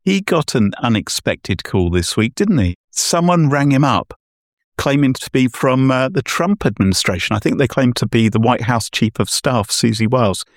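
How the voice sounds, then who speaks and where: A man's voice: mid-range voice, lively intonation, moderate pace, no room sound, clean studio sound. A man hosting a podcast in a playful, jokey, casual chat. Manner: playful, jokey, laughs often. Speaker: podcast host.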